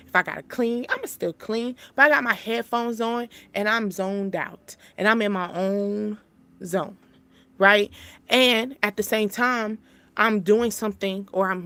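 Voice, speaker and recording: A woman hosting a spiritual channel, giving a casual motivational talk. She rambles, repeats herself and laughs often, swinging between emphatic highs and soft asides. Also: no room sound.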